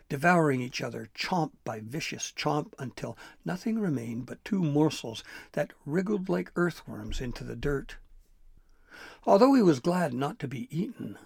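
A man narrating a children's story in an expressive, dramatic way. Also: mid-range voice, gravelly, slightly rough, dry recording, clean studio sound.

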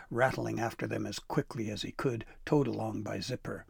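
A man reading a children's storybook aloud with expressive narration. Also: lowish voice, moderate pace, vocal fry, hardly any pauses, husky, dry recording, studio quality.

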